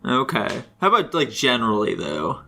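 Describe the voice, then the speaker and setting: A man's voice: medium pitch, very animated, moderate pace, vocal fry, sharp tone, breathy edge. A young man leading a casual podcast chat, asking questions in a teasing way and making crude jokes. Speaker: podcast co-host.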